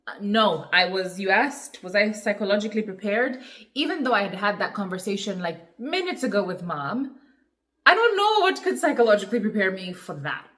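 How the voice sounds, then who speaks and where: A young adult woman telling a personal story in a reflective, emotional way, with many pauses, in a Q&A vlog. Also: mid-range voice, a bit bright. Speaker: vlogger.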